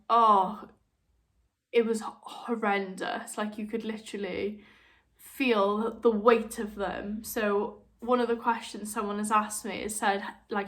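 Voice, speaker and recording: A young woman talks openly to camera in a frank, chatty vlog. Her voice sits at an ordinary middle pitch for a woman. She drops into quick voices of other people when she quotes them. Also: flat delivery, a bit bright. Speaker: vlogger, new mother. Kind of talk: candid personal chat to camera.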